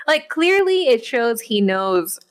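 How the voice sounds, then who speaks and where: A woman's voice: on the high side, sing-song, slow pace. A woman co-hosting a podcast, chatting casually and animatedly about a film, full of fillers and exasperation. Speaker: podcast co-host. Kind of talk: casual chat reviewing a film.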